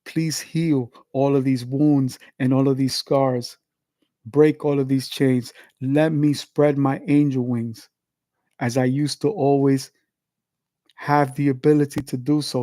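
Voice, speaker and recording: Man, mid pitch, warm low-key tone, leading a pleading livestream prayer. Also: level tone, slow pace, no echo. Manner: earnest, pleading, repetitive litanies. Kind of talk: spoken public prayer.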